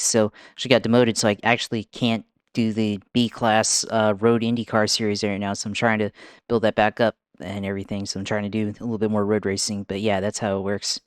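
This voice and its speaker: A man co-hosting a podcast, talking in a relaxed, easygoing way. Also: lowish voice, smooth, dry recording, clean studio sound. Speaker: podcast co-host. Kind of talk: casual chat.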